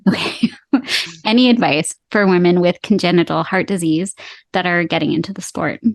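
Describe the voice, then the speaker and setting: A woman's voice: fairly low pitch, normal speed, no room sound. A woman in her thirties from Canada hosting a casual podcast interview, chatty and encouraging, laughing easily. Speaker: podcast host.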